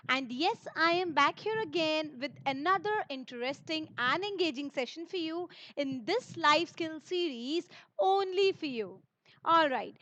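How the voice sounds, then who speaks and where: An Indian English-accented woman teaches an online lesson, her very high voice bright with encouragement as she speaks straight to her students. The recording sounds dull and lo-fi. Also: a little hiss or hum. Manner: upbeat, encouraging, addresses students directly.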